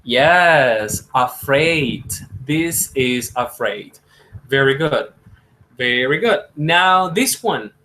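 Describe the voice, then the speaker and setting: This Spanish-speaking man teaches English through a slow pronunciation drill, stretching and repeating each word before darting into rapid Spanish asides. His mid-range voice is animated and sharp-toned, and the recording is rough.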